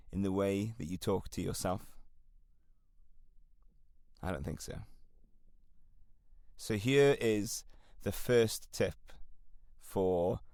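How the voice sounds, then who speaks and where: A Welsh man with a slightly low voice talks listeners through self-help advice in an earnest, encouraging way. His voice sounds dry and close, with no room around it. He talks like a steady coach on a solo podcast. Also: no room sound. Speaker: podcast host.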